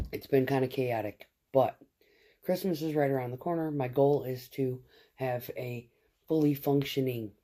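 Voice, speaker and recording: A woman's voice: very deep voice, dark tone. A woman chatting casually in a vlog about remodeling her home, rambling and swearing freely. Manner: rambling and profane.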